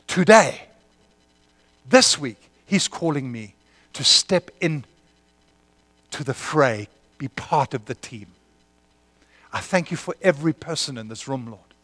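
A man preaching a sermon, moving between impassioned prayer and a quiet, earnest appeal to the congregation. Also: a little high, animated, slow pace, long pauses, no echo. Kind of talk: sermon with prayer and altar call.

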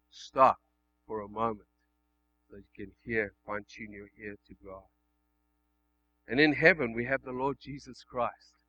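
A male pastor delivering a sermon, swinging between loud emphatic passages and hushed, quiet ones. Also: medium pitch, dull audio.

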